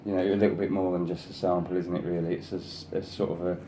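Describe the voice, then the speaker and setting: An adult man with a warm, level voice talks fast amid slight background noise as he hosts a casual craft show-and-tell. He gushes over each design sample at length, rambling with many "you know"s, and goes higher-pitched to coax his pet. His sister is past thirty.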